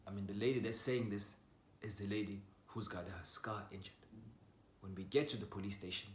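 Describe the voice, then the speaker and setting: Animated man telling a story. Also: a little fast, a little hiss or hum. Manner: animated, swings from loud outbursts to low mutters, swears freely. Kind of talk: casual personal storytelling. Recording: roomy echo.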